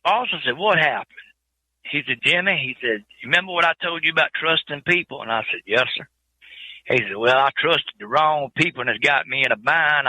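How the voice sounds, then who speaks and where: A man's voice: on the high side, pushed and bright, no echo, rough recording. A man telling his trucking life story in an interview, in plain folksy speech with many repeated words.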